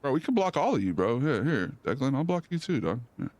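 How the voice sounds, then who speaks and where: A man's voice: mid-range voice, big pitch swings, a little fast, a little mellow. A man hosting a live stream, rambling loosely and joking in slang. His voice sits in an ordinary middle register.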